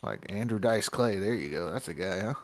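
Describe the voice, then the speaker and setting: Expressive low-voiced man with opinions. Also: fairly quick, no room sound. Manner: opinionated, expressive, drops into crude rhymes. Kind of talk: casual chat.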